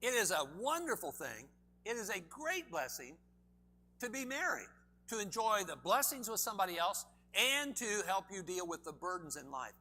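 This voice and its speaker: Emphatic preacher with a high voice. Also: male voice, big pitch swings, moderate pace, bright, forceful tone. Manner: emphatic, asks the audience many questions. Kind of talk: sermon. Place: church.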